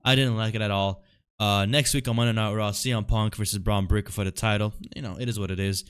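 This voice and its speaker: A man's voice: lowish voice, steady tone, fast, fairly bright tone, clear, resonant tone. A man recapping a wrestling show in a casual, frustrated rant, full of fillers and rhetorical questions.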